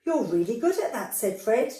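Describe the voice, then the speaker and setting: A woman reads a children's picture book aloud, her voice sitting a little high. She stops now and then to chat with her young listeners. She sounds set back from the mic in an echoey room. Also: sing-song, normal speed, warm tone, far from the mic. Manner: reads character lines in livelier voices and adds chatty asides to young listeners. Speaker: storyteller.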